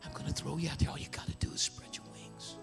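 A man voicing a gentle, earnest farmer who speaks softly and often whispers to a young bird. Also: on the high side, moderate pace, over music, natural voice. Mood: hushed pleading. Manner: soft, hushed, often whispering. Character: gentle earnest male farmer coaxing an eaglet.

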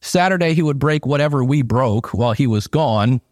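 A man's voice: mid-range voice, expressive, normal speed, darkish tone, no echo, studio quality. A middle-aged man, preaching a sermon in a casual, conversational way with asides. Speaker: pastor.

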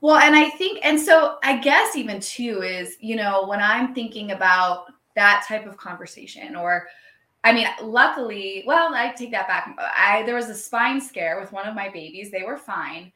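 Chatty young woman host, bright sharp voice, kinda echoey room. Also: mid-range voice, moderate pace. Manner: chatty, animated, full of fillers. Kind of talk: podcast conversation.

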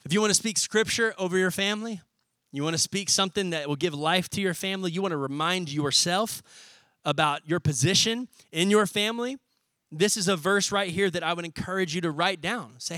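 A man's voice: sits high, a little fast, sharp tone, no echo. A man preaching a sermon as pastor, casual and direct, calling the congregation to repeat lines after him. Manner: preaching with call-and-response, casual slang.

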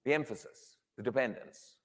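A man preaching a sermon, emphatic and animated, often restarting his words as he builds a point. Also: medium pitch, moderate pace, long reverb tail.

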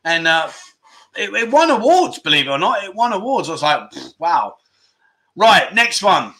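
A man's voice: sits high, very animated, moderate pace, sharp tone. A man hosting a casual livestream, chatty and joking as he reads out viewer comments. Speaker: livestream host.

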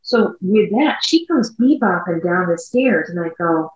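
Low-voiced woman telling a story in an echoey room. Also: animated, slight background noise. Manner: chatty, rambling, speeds up and slows down. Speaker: podcast co-host. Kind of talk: casual storytelling chat. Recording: echoey room, dull lo-fi sound.

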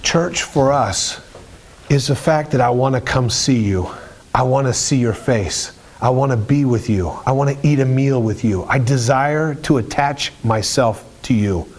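Male preacher, sermon delivery, insistent and repetitive, ordinary middle pitch. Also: measured pace. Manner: emphatic, repetitive phrasing.

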